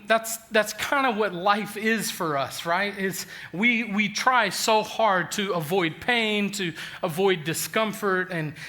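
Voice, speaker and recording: A high-pitched pastor in his forties preaches a sermon built around a funny personal story. His humor is lively and self-deprecating, and he restarts often.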